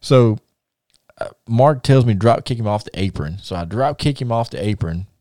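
A man hosting a show, telling his stories casually and in a rambling way, often repeating himself. His voice sits at a middle pitch. The recording is dry and close. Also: expressive, moderate pace, dark tone, dry recording. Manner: rambling, repeats words, laughs at own stories. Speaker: podcast host and wrestling promoter. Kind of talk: casual storytelling.

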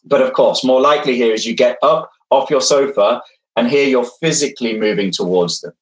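Male lecturer, mid-pitched voice, engaging online talk style that addresses the audience as folks. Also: brisk, low-quality recording.

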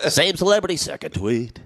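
A man's voice: high-pitched, a bit bright. A man hosting a comedy game show with a sassy, campy announcer manner.

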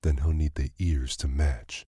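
A man's voice: rumbling low, steady tone, a little slow, dark tone, slightly rough, no echo, clean studio sound, heavily acted. A man doing a bossy, teasing big brother. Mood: bickering. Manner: teasing, sulky.

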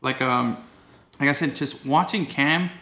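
A man co-hosting a podcast, chatting casually about football in a rambling, excitable way with lots of restarts. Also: medium pitch, a little slow, roomy sound. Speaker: podcast co-host. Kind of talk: casual sports chat.

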